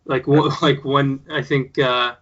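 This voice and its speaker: A man's voice: medium pitch, flat delivery, slow pace, fairly bright tone. A man being interviewed as a show creator, talking casually in a rambling way with lots of fillers and restarts. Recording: dull lo-fi sound.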